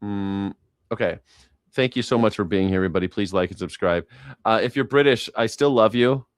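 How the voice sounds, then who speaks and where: A man's voice: on the low side, fairly quick, clean tone, no echo, studio quality. A man hosting a call-in news reaction stream, rambling and swearing freely with frequent laughs. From United States. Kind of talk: casual, profane live-stream commentary.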